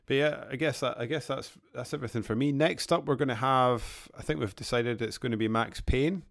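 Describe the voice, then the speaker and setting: A man co-hosting a casual podcast, croaky after a flu, jokey as he wraps up the show. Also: mid-range voice, a little fast, no echo, clean studio sound. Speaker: podcast co-host. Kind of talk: casual chat.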